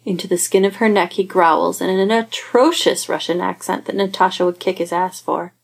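A woman narrating a fan fiction story aloud in a steady, unhurried way. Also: fairly low pitch, vocal fry, breathy edge. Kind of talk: fan fiction audiobook reading.

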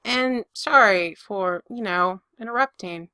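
A woman's voice: mid-range voice, slow, sharp tone, clear, resonant tone, no echo, clean studio sound. A woman voicing a weary young single father who talks anxiously and defensively. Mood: worried.

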